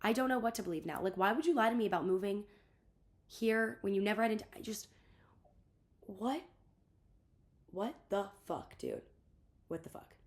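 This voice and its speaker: A woman's voice: mid-range voice, a little fast, long pauses. A young woman in her twenties telling a rambling storytime vlog, venting and exasperated, full of "like" and acted-out quotes. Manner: rambling, heavy use of "like", quoting others. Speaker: vlogger.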